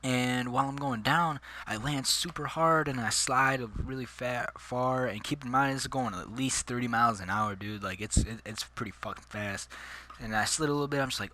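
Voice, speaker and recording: A man's voice: mid-range voice, moderate pace, pushed and bright. A man telling a personal story in casual, slangy vlog chat, calling his listeners dude and bro. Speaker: vlogger.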